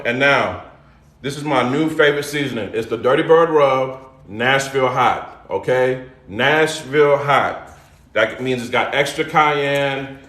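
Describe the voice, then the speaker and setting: Calling out to those watching, a middle-aged cooking show host keeps things loose and chatty during a casual live demo in his home kitchen. He has a medium-pitched, fairly bright voice, and the audio sounds roomy.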